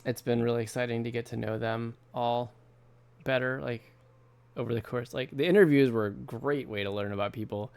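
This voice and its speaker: A man's voice: medium pitch, fairly even intonation, a little fast, gravelly, a little mellow, smooth. A man in his thirties from the United States, chatting casually with viewers while drawing on a livestream, rambling and laughing often. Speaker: artist streamer. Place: home studio at night.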